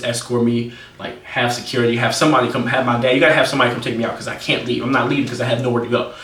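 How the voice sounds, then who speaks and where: A young man from the United States telling a personal storytime in a fast, slangy way, swinging between laughing and hushed. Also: mid-range voice, recorded from a distance, a little hiss or hum. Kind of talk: casual storytime monologue. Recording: roomy echo, off-mic.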